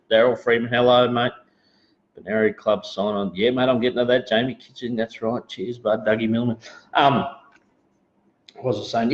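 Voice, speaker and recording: A laid-back Australian man chats loosely on his live show, full of ums and asides to viewers. His voice sits at an ordinary middle pitch. The sound is roomy and a little dull, like a home live-stream mic. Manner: rambling, laid-back, greets viewers, frequent fillers. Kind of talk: casual live-stream chat.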